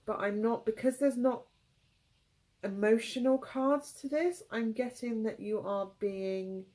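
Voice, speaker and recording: A tearful woman reads tarot cards for her viewers. Her voice is mellow and warm, and she talks in soft, halting phrases that break off and restart as she feels her way through the reading. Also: on the high side, poor audio. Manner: halting, emotional, gentle phrasing. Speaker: tarot reader.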